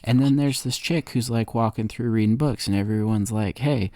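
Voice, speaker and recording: A man's voice: medium pitch, moderate pace, darkish tone, dry recording, clean studio sound. A man on a podcast giving a rambling, sarcastic comedic recap of a movie. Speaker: podcast co-host.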